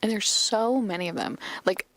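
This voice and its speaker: Young woman podcaster, rambly casual recap, gravelly fry, dry close mic. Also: mid-range voice, normal speed, no room sound. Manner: rambling, lots of fillers, chatty. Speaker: podcast host.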